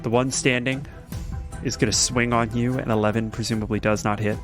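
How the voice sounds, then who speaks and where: A man running a tabletop game as game master, narrating the scene in a calm, measured way. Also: medium pitch, over music.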